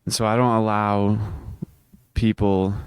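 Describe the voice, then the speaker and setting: Low flat-voiced teenage boy vlogging. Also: unhurried, clean tone, no room sound. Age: teens. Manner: rambling, earnest, with frequent restarts. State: hiccuping. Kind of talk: casual self-improvement vlog.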